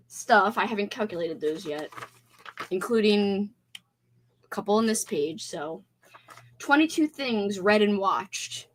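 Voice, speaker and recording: A woman's voice: mid-range voice, slight background noise. A woman hosting a casual livestream, chatting with viewers in a bubbly, effusive way. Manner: bubbly, effusive, squeals with excitement. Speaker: livestream host.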